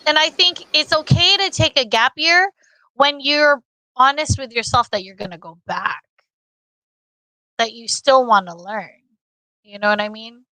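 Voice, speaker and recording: High-pitched woman, lively, bright tone, playful casual chat. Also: measured pace, pauses often, no room sound, rough recording. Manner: playful, animated. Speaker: co-host.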